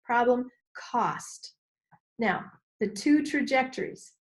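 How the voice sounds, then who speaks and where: A middle-aged woman, a business coach being interviewed, talking expressively and acting out inner voices with sudden high exclamations. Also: takes it slowly. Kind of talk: animated interview talk.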